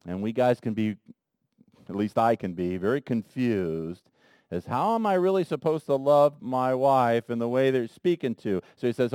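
A man preaching a sermon in a conversational way, talking straight to the men in the room and swinging between soft asides and loud emphasis. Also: mid-range voice, animated, normal speed, smooth, no room sound, clean studio sound. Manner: conversational, addresses men in the congregation directly. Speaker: pastor.

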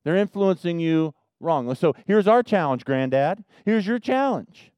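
A man preaching a sermon as pastor, swinging from loud emphasis to quiet asides. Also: a little high, animated, a little slow, smooth, dry recording, clean studio sound.

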